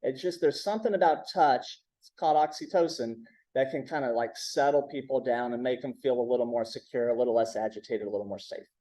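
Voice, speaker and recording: Man leading a training talk, mellow tone. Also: mid-range voice, brisk, poor audio. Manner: frequent "right?" checks with the audience. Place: symposium room.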